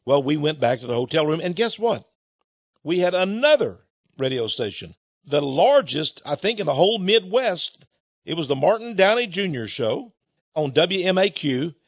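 A man's voice: fairly high pitch, no echo. A man preaching a sermon in a folksy, chuckling way, telling a personal story and calling his listeners his friends.

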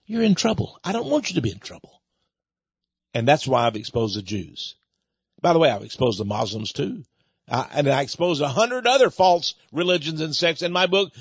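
A husky-voiced man hosting a radio talk show, his pitch sitting a little high and swinging widely as he preaches and chuckles. The recording is dry and close, with a slightly dull, lo-fi broadcast sound. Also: dry recording. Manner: animated, preachy, chuckling, repeats words. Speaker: radio ministry host.

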